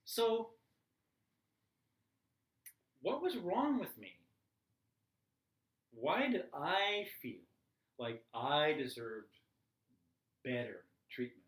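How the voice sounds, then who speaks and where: Guy teaching a class, slightly high voice, lively and candid, roomy echoey room. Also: slow, pauses often. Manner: animated, candid, frequent "right?" asides. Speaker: meditation teacher. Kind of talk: storytelling in a live class.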